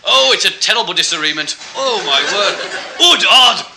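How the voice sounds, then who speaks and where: An excitable, plummy older football commentator with a posh drawl, dropping his g's and breaking into breathless cries, pitched high and swooping wildly, as a comedian puts him on. Heavy noise sits over the live stage recording. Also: moderate pace, creaky. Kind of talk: stand-up comedy impression.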